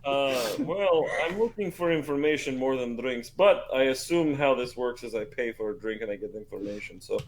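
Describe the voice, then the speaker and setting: A man's voice: mid-range voice, normal speed, few pauses, poor audio. A man playing a tabletop role-play game, speaking casually and hesitantly with many ums. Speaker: player.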